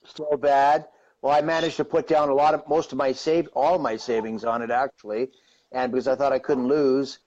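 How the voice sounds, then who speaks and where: On a live-streamed interview, a Canadian guest in his fifties tells a long story from his own life in a loose, conversational way, sprinkling in "right?" and "you know." He has a medium-pitched, darkish voice with fairly even intonation and normal speed, heard through a muffled recording.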